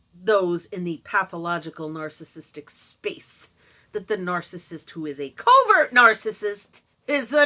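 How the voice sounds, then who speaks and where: A woman's voice: medium pitch, pushed and bright. A middle-aged woman talking casually to camera, sarcastic and mocking, putting on voices when she quotes people. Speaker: vlogger. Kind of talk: casual monologue.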